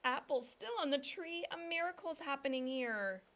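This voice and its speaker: Storybook mama, worried and thrifty, read by a woman, a touch higher in pitch. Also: measured pace, fairly bright tone. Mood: amazed.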